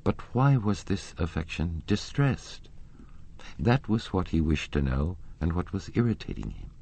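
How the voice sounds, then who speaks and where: A man narrating a classic novel as an audiobook, in a measured, expressive storytelling manner. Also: low-pitched, slight background noise.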